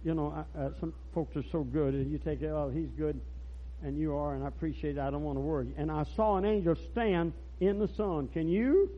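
Older man preaching, husky, folksy storyteller, pitched a bit high, dull lo-fi recording. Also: a little fast. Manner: folksy storytelling, rising to loud preaching bursts. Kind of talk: rural revival sermon.

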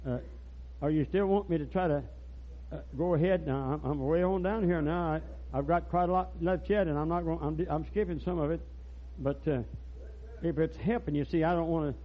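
Older man preaching, husky, folksy storyteller, pitched a bit high, dull lo-fi recording. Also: fairly quick. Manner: folksy storytelling, rising to loud preaching bursts. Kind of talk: rural revival sermon.

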